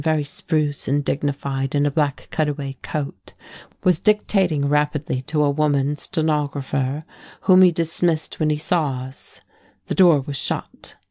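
A woman reads a classic novel aloud in a deep, low register. Her delivery is slow and measured. The recording is dry and close. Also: warm tone, no room sound. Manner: measured, unhurried literary reading. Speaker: audiobook narrator. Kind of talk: audiobook reading of a classic novel.

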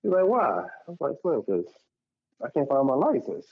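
Animated man telling stories, lo-fi. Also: normal speed, slightly rough. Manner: animated, acts out quotes in a high voice. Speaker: podcast co-host telling stories. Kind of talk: casual storytelling chat.

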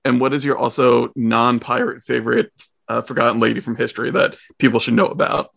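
A man hosting an interview, asking questions in a halting way with repeated words. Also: medium pitch, steady tone, creaky, fairly bright tone. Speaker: host.

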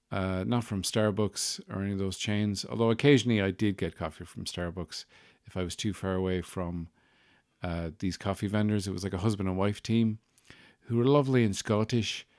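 A man's voice: lowish voice, a little mellow, dry recording, clean studio sound. A man hosting a podcast, talking in a rambling, wry monologue with self-deprecating asides. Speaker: podcast host. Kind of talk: casual monologue.

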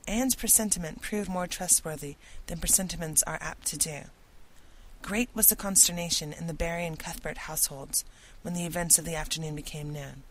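A woman reading a classic novel aloud in steady, clear storytelling narration. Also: sits low, fairly quick, rough recording. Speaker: audiobook narrator. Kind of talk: scripted narration.

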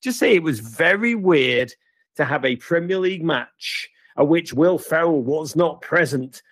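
A man's voice: on the high side, animated, measured pace, fairly bright tone, breathy edge, no echo. A man hosting a football review show, giving a scripted match-review monologue in a sardonic, theatrical, wry way.

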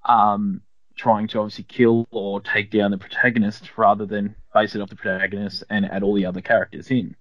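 A man's voice: lowish voice, little pitch movement, fairly quick, dry recording, dull audio. A man appearing as a podcast guest, speaking in rambling, hesitant casual chat full of restarts.

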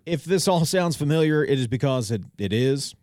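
A man's voice: mid-range voice, lively intonation, moderate pace, a little mellow, no room sound. Radio guy doing local news and his own take, dead dry studio sound, lots of uhs. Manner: conversational, with frequent "uh" and restarts, wry asides. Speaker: radio talk show host. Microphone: studio microphone.

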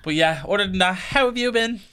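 A young Irish man co-hosting a podcast in casual chat, animated and swearing freely as he tells stories. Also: sits high, a little fast, clear, resonant tone. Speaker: podcast co-host.

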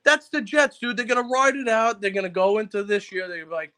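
New man, sports caller, angry profane rant, high bright voice. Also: fairly even intonation, clear, resonant tone. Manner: angry, profane, rapid-fire ranting. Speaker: caller on a sports talk show. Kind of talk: ranting casual chat.

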